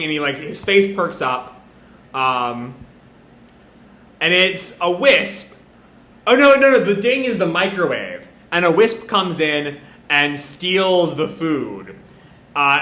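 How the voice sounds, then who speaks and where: A man rambles through a casual live reaction to a comic, with plenty of fillers. His voice sits a little high and sounds bright. The recording has a roomy echo. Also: animated, takes it slowly. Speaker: comic reviewer.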